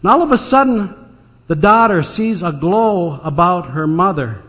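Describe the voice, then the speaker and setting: A man's voice: sits high, lively intonation, unhurried, fairly bright tone. An older man preaching a storytelling sermon, folksy and anecdotal, with dry jokes. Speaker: pastor. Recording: dull sound in a reverberant church hall.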